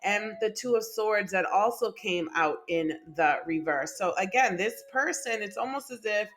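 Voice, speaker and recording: A woman's voice: mid-range voice, expressive, normal speed, fairly bright tone. A woman doing a casual tarot reading to camera, chatty and emphatic, often laughing. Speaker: tarot reader.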